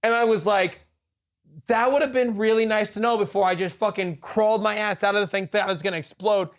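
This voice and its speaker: Man, high voice, casual profane storytelling, podcast co-host. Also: fairly quick. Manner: profane, animated anecdote with quoted dialogue.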